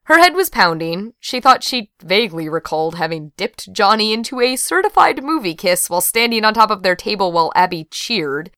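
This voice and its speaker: Woman, audiobook narrator, smooth voice, lively intonation, dry close studio sound. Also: mid-range voice, a little fast, few pauses, dry recording.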